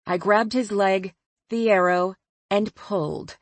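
A woman narrating a first-person audiobook in a measured, expressive way. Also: medium pitch, dry recording.

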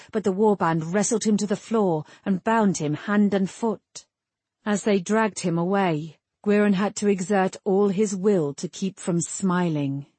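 A woman reading a fantasy novel aloud with steady, measured storytelling. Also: medium pitch, slightly rough, no room sound. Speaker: narrator. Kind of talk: audiobook fantasy narration.

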